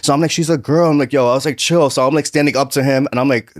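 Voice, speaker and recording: A man hosting a podcast, telling a story in a casual, animated way and acting out the voices of the people in it. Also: medium pitch, very fast, dry recording, clean studio sound. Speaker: podcast host.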